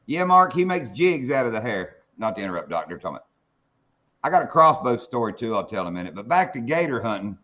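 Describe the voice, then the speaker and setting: A man's voice: mid-range voice, big pitch swings, quick pace, pushed and bright. Salty storytelling man, dull lo-fi audio. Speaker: fishing show host. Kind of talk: casual storytelling chat.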